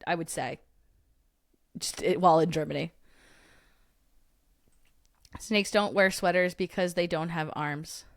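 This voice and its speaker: A woman's voice: lowish voice, no echo. Chatty woman livestream host, dry sound. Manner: chatty, laughs often, joking asides. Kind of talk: casual livestream chat reading comments.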